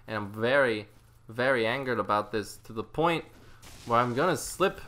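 A man hosting a let's play, giving casual, excitable and self-mocking commentary, often talking to the enemy on screen. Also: mid-range voice, moderate pace.

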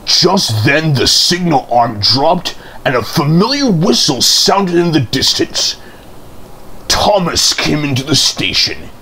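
A man reading a children's storybook aloud in an expressive storytelling manner. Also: a little high, slow pace, a crowd in the background.

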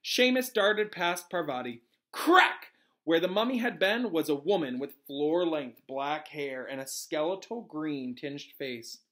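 A male teacher reading a novel aloud to his students in an animated way, pausing to correct himself and explain. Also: on the high side.

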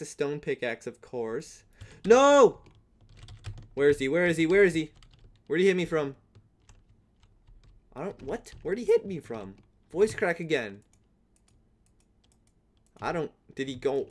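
A young man commenting on his own Minecraft game, swinging from hushed mutters to loud, excited yelling. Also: a little high, unhurried, pauses often. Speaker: gaming channel host.

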